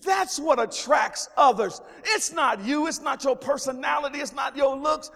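A man's voice: very high voice, normal speed, creaky, a bit bright. A man preaching a sermon as pastor, with exclamations of praise and repeated phrases. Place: church sanctuary. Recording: long reverb of a large hall.

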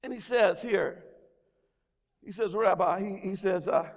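In a church sanctuary with the long reverb of a large hall, a pastor preaches at a measured pace in a high-pitched voice. His sermon features exclamations of praise and repeated phrases.

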